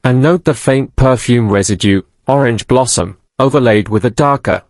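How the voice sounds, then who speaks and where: A man voicing a fastidious, poised male Belgian detective, speaking softly and precisely in a storybook reading. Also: medium pitch, dry recording, clean studio sound, natural voice. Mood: mild curiosity. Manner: soft, precise.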